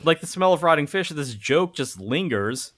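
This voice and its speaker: Man co-host, bright forceful tone, dry wry humor, casual podcast chat. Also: fairly high pitch, animated, moderate pace. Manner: wry, laughing, dry jokes. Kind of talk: casual movie-review chat.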